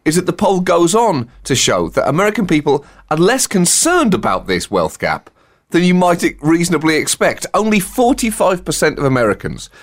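A man's voice: a little high, big pitch swings, normal speed. A man co-hosting a satirical comedy podcast, delivering sardonic riffs and chuckling at his own jokes.

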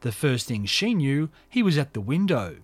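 A man's voice: medium pitch, big pitch swings, dry recording, soft background music. Man narrating true crime in a dry, close voice. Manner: measured, reads quoted testimony in a subdued tone. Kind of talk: true crime narration reading court testimony.

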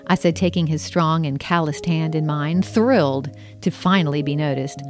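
A woman's voice: deep voice, moderate pace, hardly any pauses, a little mellow, faint music behind. A middle-aged woman from the American South reading her memoir aloud in a wry, conversational storytelling manner. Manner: conversational, wry storytelling with lightly acted dialogue. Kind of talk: audiobook memoir narration.

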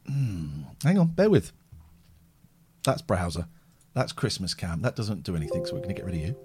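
A man's voice: low voice, moderate pace, breathy edge. A middle-aged man hosting a livestream and chatting casually, acting out voices when he tells a story. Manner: animated, acts out voices in anecdotes. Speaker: livestream host. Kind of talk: casual chat.

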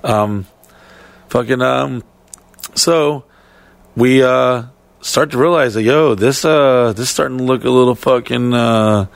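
Man, gravelly voice, casual storytelling, rambling, lots of swearing, dry close sound. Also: medium pitch, takes it slowly, pauses often, no room sound. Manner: rambling, heavily profane, many fillers. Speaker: podcast storyteller.

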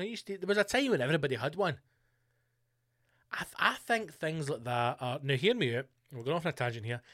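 A man's voice: mid-range voice, fairly bright tone, no room sound, studio quality. A man hosting a podcast, riffing through a crude, sweary comic monologue. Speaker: podcast host. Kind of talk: casual comedic monologue.

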